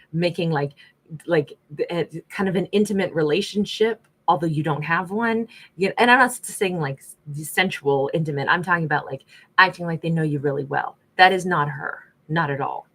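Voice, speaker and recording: A woman's voice: sits low, a bit bright. A woman giving a casual tarot reading, chatty and rambling, with many fillers and restarts. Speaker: tarot reader.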